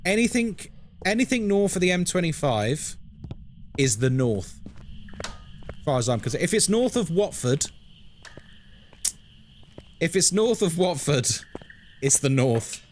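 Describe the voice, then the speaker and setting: An English man live-streams a horror game from a home room beside a busy road, chatting and joking with his audience in a chatty, self-deprecating way. His voice sits on the high side and is very animated but a little slow, with long pauses. A little hiss or hum can be heard.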